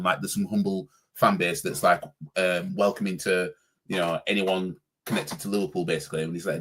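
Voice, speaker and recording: A man's voice: low voice, fairly even intonation, fairly quick, sharp tone, breathy edge. A man reacting casually on a stream as a football fan, with a slangy, stumbling way of talking.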